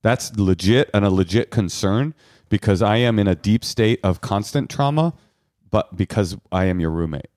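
A man's voice: lowish voice, normal speed, darkish tone, no room sound. A man co-hosting a podcast in casual comedic chat, teasing with dry sarcasm. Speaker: podcast co-host.

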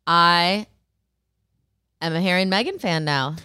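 A woman co-hosting a podcast in casual comedic chat, relaxed, wry and chatty. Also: on the low side, a little slow, smooth, no echo, clean studio sound. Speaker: podcast co-host.

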